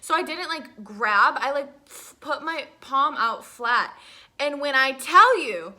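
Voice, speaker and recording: A young woman telling an excited storytime vlog, swearing often and filling her talk with "like". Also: sits high, takes it slowly. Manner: breathless, swearing, lots of "like" fillers. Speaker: vlogger.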